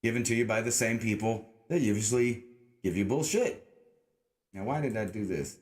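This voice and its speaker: A man's voice: lowish voice, moderate pace. A young man hosting a casual livestream, rambling and sarcastic, cursing freely and putting on a joking mock-redneck drawl. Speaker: livestream host.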